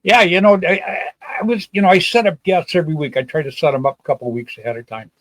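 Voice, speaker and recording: A man's voice: fairly high pitch, fast talker, a bit bright, rough recording. An older man hosting a casual live-stream chat, rambling and folksy, often repeating himself. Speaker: show host.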